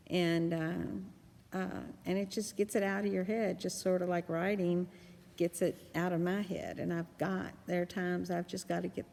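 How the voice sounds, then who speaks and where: A middle-aged woman, a blogger and podcast host, rambles through a casual reflective monologue full of restarts and fillers. Her lowish voice has vocal fry and a slightly mellow quality, and the recording has long reverb.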